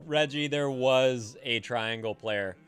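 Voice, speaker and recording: A man's voice: medium pitch, a bit bright, clean tone. A man hosting a live stream, chatting casually with his viewers, swearing freely and laughing often. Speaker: livestream host.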